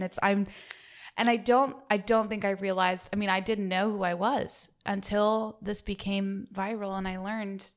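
A young woman chatting casually, rambling and self-mocking with many halting restarts. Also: mid-range voice. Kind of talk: casual chat.

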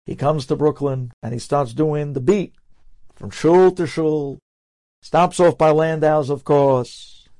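A man telling a story with lively energy, acting out the characters' lines with sudden jumps in his voice. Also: fairly high pitch, creaky. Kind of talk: animated storytelling.

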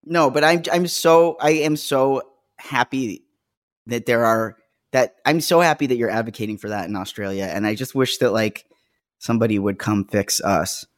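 A woman with a low voice chats loosely on a podcast, stringing thoughts together with plenty of fillers. She slips into little acted-out voices to tell her stories. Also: normal speed. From United States. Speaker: podcast co-host. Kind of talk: casual podcast chat.

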